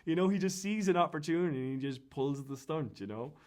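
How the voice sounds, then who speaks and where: A man's voice: a little high, animated, brisk, darkish tone. Rambling Irish man telling stories. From Ireland. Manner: rambling, many fillers and restarts. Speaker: interview guest. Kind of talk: casual anecdotal storytelling.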